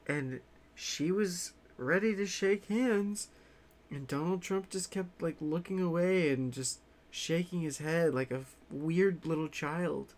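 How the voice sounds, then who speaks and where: A man chatting casually to his viewers in a rambling way, swearing freely and halting often on fillers. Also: on the high side. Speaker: vlogger.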